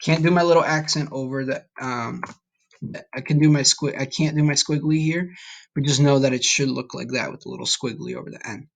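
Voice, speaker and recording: A man's voice: mid-range voice, fairly quick, vocal fry. Encouraging male Spanish teacher. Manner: patient, encouraging, checks in with "okay?". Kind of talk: recorded online lesson.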